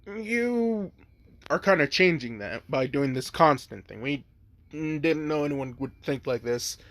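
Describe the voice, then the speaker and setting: A man's voice: a little high, animated, unhurried, a bit bright. A man voicing patient explaining hero spirits.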